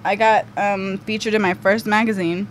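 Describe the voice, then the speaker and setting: A woman's voice: mid-range voice, fairly even intonation, normal speed. A young woman guest on a podcast, telling a story casually with lots of "like" and "um". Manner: chatty, full of fillers like "like" and "um". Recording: faint background noise.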